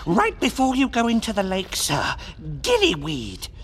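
A squeaky, eager little house elf, servile and keen to please, forever calling people sir. The voice jumps high and swoops all over. It is an audiobook character voice. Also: male voice, huge pitch swings, measured pace, a bit bright, breathy edge, exaggerated voice. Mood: earnest. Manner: servile, addresses everyone as sir.

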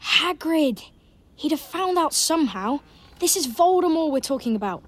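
A woman's voice: high voice, expressive, moderate pace, a little hiss or hum. Harry, a woman playing an earnest young schoolboy. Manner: eager, earnest boyish talk.

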